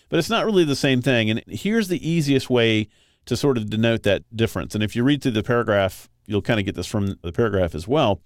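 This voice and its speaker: A man teaching web design in a relaxed, conversational screen-recorded tutorial. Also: mid-range voice, dry recording, clean studio sound.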